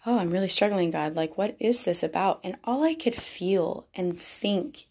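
A woman's voice: lowish voice, moderate pace, darkish tone. A woman telling a personal faith story to her viewers in an earnest, confessional way. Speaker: vlogger speaking to wives.

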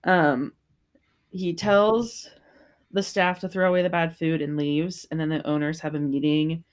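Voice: medium pitch, steady tone, measured pace, clear, resonant tone. A podcast co-host recapping an episode in casual chat, laughing often and swearing freely.

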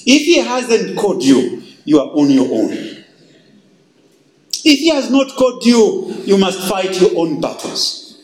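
A male pastor preaching a sermon, slow and emphatic, with dramatic pauses. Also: high-pitched, big pitch swings, reverberant, rough recording.

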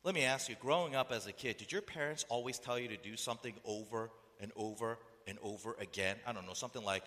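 A pastor with a medium-pitched, sharp-toned voice preaches quickly, peppering his listeners with rhetorical questions and acting out voices. The recording carries an echoey hall reverb.

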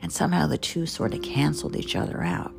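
A woman's voice: low voice, quick pace. A woman in her fifties from New Jersey with a Southern accent, a chef hosting a show, telling rambling, wry stories and digressing often. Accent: Southern American over New Jersey. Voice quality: gravelly. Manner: chatty, digressive, animated, wry. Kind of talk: rambling storytelling monologue. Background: music.

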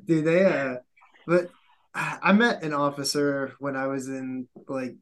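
A man, an army veteran, telling animated anecdotes in casual podcast chat and acting out the quotes. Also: medium pitch, unhurried.

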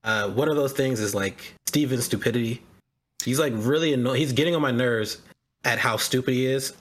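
A man's voice: medium pitch, fairly quick, a bit bright, slight background noise. A man co-hosting a podcast, frankly venting his gripes about a TV show in casual chat. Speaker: podcast co-host.

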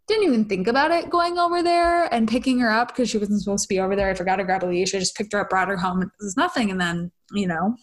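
Candid woman telling a personal story. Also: medium pitch. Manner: confessional, swears freely, says "you guys" and "right?". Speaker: spiritual vlogger.

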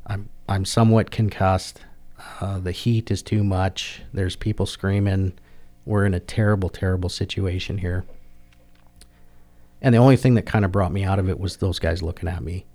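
A middle-aged man, a military veteran telling a personal story in an interview, halting and plain-spoken, often repeating and restarting words. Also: low voice, vocal fry, a little mellow. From Canada.

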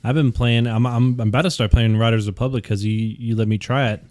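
A man's voice: mid-range voice, steady tone, brisk, a little mellow, no room sound, studio quality. A young man co-hosting a gaming podcast, rambling and stumbling over his words with casual swearing. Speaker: podcast co-host.

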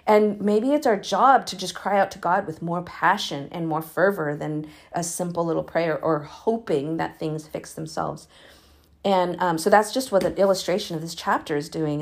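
A woman walks through Bible chapters in a relaxed, conversational podcast voice. She talks informally, with plenty of fillers and restarts. When she urges listeners to pray, her emphasis rises into earnest fervor. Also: on the low side, measured pace. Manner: chatty, informal retelling with frequent fillers; earnest, rising emphasis when urging prayer. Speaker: podcast host reading the Bible. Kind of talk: casual Bible reading and commentary.

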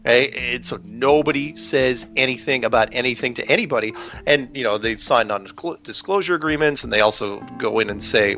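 Ranting fast and hot, a podcast guest who has his own channel keeps restarting and asking "right?" in a casual conversational tirade. His voice is medium-pitched and sharp, over dull lo-fi sound with faint background music.

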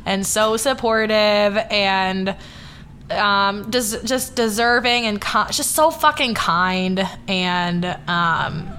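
A woman's voice: mid-range voice, slow pace, sharp tone, a little hiss or hum. A young woman hosting a podcast, chatting casually with lots of filler words and swearing. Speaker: podcast host.

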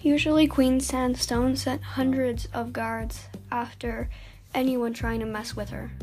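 A woman reads her own fan story aloud on her channel with a fairly high voice. Her reading is casual and unpolished, with slips and self-corrections along the way. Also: flat delivery, measured pace, darkish tone, faint music behind.

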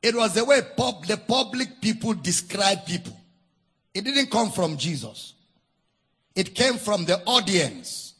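A man with a Nigerian accent preaching a sermon, teaching with deliberate emphasis and spelling out words. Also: high voice, big pitch swings, pushed and bright, breathy edge. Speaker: pastor.

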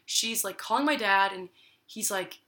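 A young woman tells a story in easy, casual talk. She acts out each person's lines and fills her talk with "like." Her voice is very bright and clear. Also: mid-range voice, moderate pace. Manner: lively storyteller, acts out quotes with many "like"s.

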